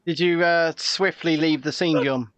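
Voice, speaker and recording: A man co-hosting a casual live show, telling stories in an animated way and often repeating words as he goes. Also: a little high, unhurried, a little hiss or hum. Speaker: co-host. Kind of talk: casual live-stream chat.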